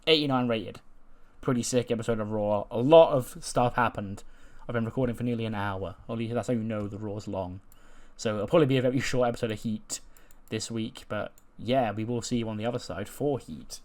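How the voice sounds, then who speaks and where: A man's voice: lowish voice, fairly quick, a little mellow. A man hosting a game channel, casually recounting the events of a wrestling management game in a chatty way.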